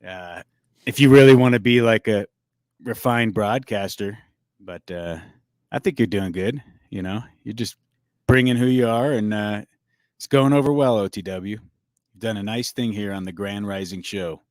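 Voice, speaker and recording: A man's voice: fairly low pitch, normal speed, darkish tone, dry recording. A man as a guest on a casual livestream talk show, loose and joking with frequent swearing.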